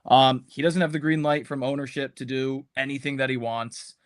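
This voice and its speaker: A man's voice: medium pitch, steady tone, moderate pace. A man talking through sports opinions in casual commentary, rambling and full of "um" and "you know" fillers. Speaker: podcast panelist.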